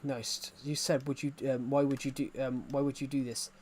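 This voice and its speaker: On his gaming stream, a young man from England talks in a medium-pitched, slightly mellow voice at a normal pace, with little movement in pitch. The live chat is casual and rambling, full of fillers and false starts, over a faint bit of background noise.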